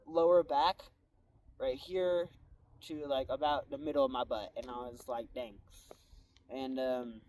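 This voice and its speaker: His voice slightly high and a touch mellow, a young man lazily narrates his own day in a rambling way, leaning on "bro" and "like." Faint noise sits behind him, and he's somewhat far from the mic.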